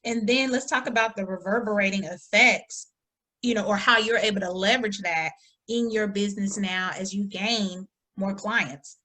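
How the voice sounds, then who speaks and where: A woman hosting an interview, asking questions in a lively, familiar manner. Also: mid-range voice, normal speed. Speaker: host.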